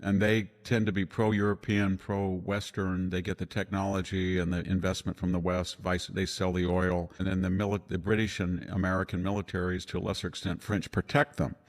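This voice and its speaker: A man's voice: sits low, level tone, fairly quick, hardly any pauses, long reverb tail. An older man, a historian, chatting in a rambling, discursive way with frequent restarts. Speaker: historian guest. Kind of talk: casual conversation.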